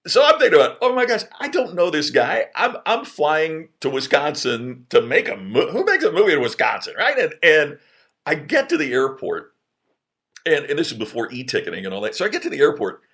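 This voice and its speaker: Animated middle-aged man telling a story. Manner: animated, lots of restarts, jumps high in pitch when excited. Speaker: podcast host telling a personal story. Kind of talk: casual storytelling monologue.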